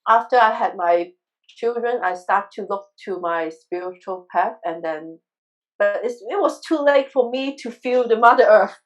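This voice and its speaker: Earnest, halting woman sharing a story. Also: medium pitch, low-quality recording. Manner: earnest, emotional, halting with frequent restarts. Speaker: guest, crystal healer. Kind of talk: personal storytelling in a conversational interview.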